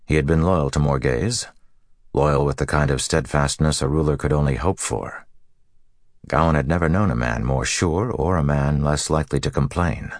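A man narrating a fantasy audiobook in a steady, even storytelling voice. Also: rumbling low, normal speed, no room sound, studio quality.

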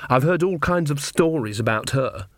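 A man voicing a frightened, earnest young woman in a storybook reading, speaking anxiously and haltingly. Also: a little high, expressive, dry recording, clean studio sound, close to an everyday voice. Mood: worried.

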